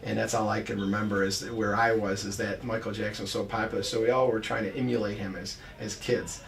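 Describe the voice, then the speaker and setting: A man's voice: on the low side, little pitch movement, quick pace, creaky. A middle-aged man from Buffalo, a college basketball coach, chatting casually and rambling through stories with many restarts and fillers. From Buffalo, New York. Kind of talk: casual podcast chat. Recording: distant mic with faint background noise.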